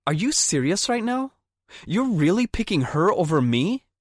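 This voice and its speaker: A male audiobook narrator voicing a snide, whiny teenage girl with a shrill Valley Girl manner. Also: wildly swooping pitch, slow pace, no room sound, clean studio sound, full character voice. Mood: indignant. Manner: scoffing, whiny, mocking. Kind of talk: audiobook character voice.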